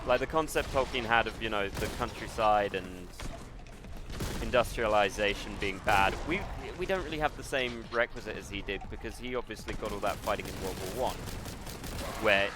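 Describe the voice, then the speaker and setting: A gaming streamer with a lowish voice chats casually at a moderate pace while playing a shooter game. He rambles and muses, muttering at the game between thoughts, with game music and gunfire in the background.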